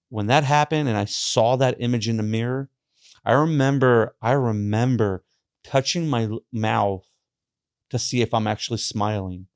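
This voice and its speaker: Halting young man telling his testimony. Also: mid-range voice, dry recording, studio quality. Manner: halting, repeats words, many fillers. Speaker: podcast guest. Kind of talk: personal faith testimony.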